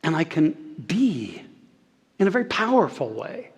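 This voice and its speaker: A man preaching a sermon as pastor, earnest, slowing and softening on key phrases and leading the congregation in saying lines back. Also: a little high, big pitch swings, breathy edge. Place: church sanctuary. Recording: long hall reverb.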